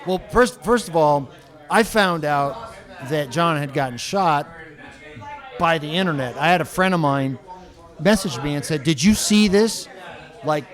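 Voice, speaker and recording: A man's voice: a little high, a little slow, fairly bright tone. A male guest telling a personal story in a rambling way, with many restarts.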